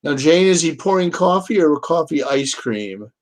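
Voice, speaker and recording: A man's voice: on the high side, expressive, moderate pace, low-quality recording. Co-host, man, casual and joking, storytelling banter. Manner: easygoing, jokes and tells anecdotes. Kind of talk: casual fan chat.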